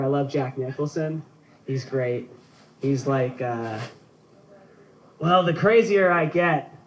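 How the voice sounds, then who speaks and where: A man's voice: medium pitch, darkish tone, low-quality recording. A young man doing a stand-up comedy set outdoors, loose and laughing at his own jokes. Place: outdoor show.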